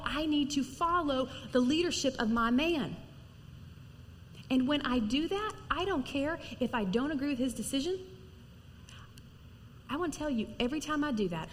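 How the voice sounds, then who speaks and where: A middle-aged woman preaching to women in a lively, conversational sermon, acting out little stories as she goes. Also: sits high, long reverb tail, slight background noise. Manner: lively, animated storytelling with acted-out quotes. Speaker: women's ministry speaker.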